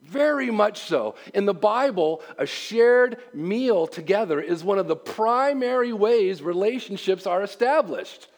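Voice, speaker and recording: Pastor, male, fairly high voice, conversational sermon delivery with repeats. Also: expressive. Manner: conversational, repeats himself, speeds up and slows down.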